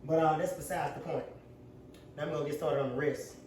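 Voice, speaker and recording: A man's voice: fairly high pitch, fairly even intonation, fairly quick, a little mellow, slight background noise. A man cooking at home and talking straight to his viewers in a loose, profane, joking way while stressed. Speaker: cooking vlogger. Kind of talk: casual cooking chat. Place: home kitchen. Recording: echoey room, mic at a distance.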